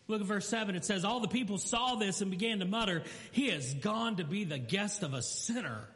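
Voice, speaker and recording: Male pastor, high pitch, sermon with acted-out quotes, big hall reverb. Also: lively intonation, a little fast, few pauses, fairly bright tone. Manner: storytelling preacher who acts out quotes and asides.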